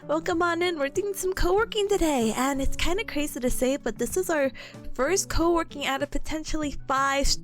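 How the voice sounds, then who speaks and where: A young woman streamer chatting casually on a livestream, bubbly and playful, her voice hoarse from coughing. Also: high voice, expressive, normal speed, fairly bright tone. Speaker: VTuber streamer. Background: faint background music.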